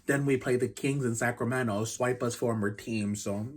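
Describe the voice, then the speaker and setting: Guy in his 30s doing a quiet rambly game review vlog, pretty flat delivery. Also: mid-range voice, normal speed. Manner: rambling, restarts often, casual swearing; speaks quietly to keep the noise down. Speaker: channel host reviewing basketball games.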